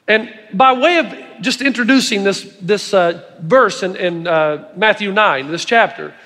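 A middle-aged man preaches a sermon in a strikingly high, bright voice. He tells stories with emphatic asides to the congregation. The sound rings with long reverb from a large hall. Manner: storytelling, emphatic with audience asides.

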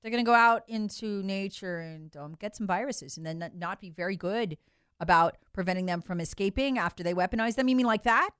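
A woman hosting an opinion monologue, sarcastic, swinging from loud outbursts to muttered asides and mocking voices. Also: lowish voice, brisk, clean tone, no echo, clean studio sound. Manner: acts out mocking voices of others. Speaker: political commentary host.

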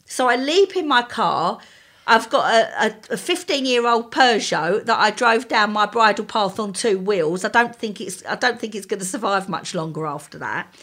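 A middle-aged woman, a co-host in casual chat, telling a lively story and acting out the voices in it. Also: mid-range voice, normal speed. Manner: animated storyteller, acts out quoted voices.

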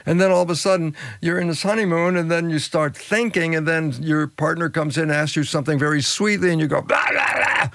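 An older man, a biologist guest in an interview, explaining ideas with lively storytelling and acted-out dialogue. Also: fast, few pauses, dry recording. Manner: acts out quoted dialogue, swings pitch widely for emphasis.

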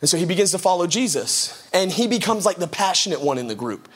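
A pastor in his thirties delivers a sermon in an easygoing, conversational way. His voice sits high for a man. He keeps it lively, acting out little voices and bits of slang as he talks. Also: fast, slightly rough. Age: 30s. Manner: casual, animated, acts out voices with slang and laughs.

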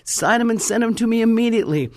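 A man's voice: extremely high pitch, fast talker, pitched above the performer's own voice. A woman voicing a skeptical, blunt male real estate agent in a spoken testimony, matter-of-fact and dismissive. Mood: excited.

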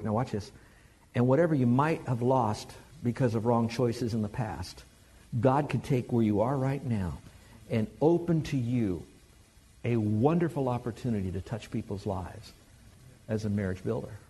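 Male preacher, husky voice, conversational and animated sermon delivery. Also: on the low side. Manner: conversational, animated, joking with the congregation.

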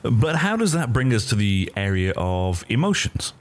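A man's voice: fairly low pitch, very animated, normal speed. A man asking short, probing questions in a conversation about technology. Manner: brief, probing questions with backchannel murmurs. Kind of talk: interview questions.

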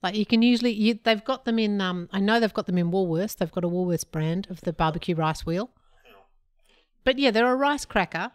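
A woman's voice: medium pitch, a little fast, smooth, no room sound, studio quality. A woman, co-hosting a podcast and chatting casually while telling stories and acting out what she said. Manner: chatty storyteller, acts out her own quotes. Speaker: podcast co-host. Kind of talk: casual chat.

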